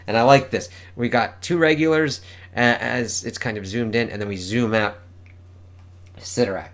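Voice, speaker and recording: A man's voice: fairly low pitch, fairly quick. A man casually reviewing a comic book, swearing freely and reading the dialogue aloud. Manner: casual and profane, reads dialogue aloud in voices. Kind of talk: casual read-along review.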